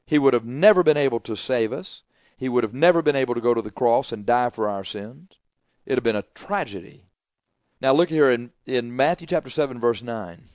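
A middle-aged male preacher delivers his sermon with emphatic, repetitive phrasing. He swings from forceful declarations down to quiet asides. His voice sits at an ordinary pitch, and the sound is dry and close. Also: brisk, dry recording.

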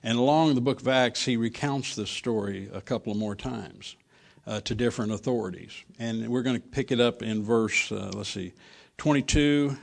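Male preacher, gravelly mid-pitched voice, slow scripture reading, casual asides. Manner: reads King James verses slowly, then talks plainly with fillers.

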